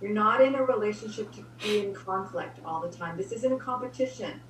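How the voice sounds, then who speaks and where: A woman guest giving relationship advice in an energetic way, acting out example dialogue. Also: mid-range voice, brisk. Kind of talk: casual conversation. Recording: roomy, distant mic with faint hum.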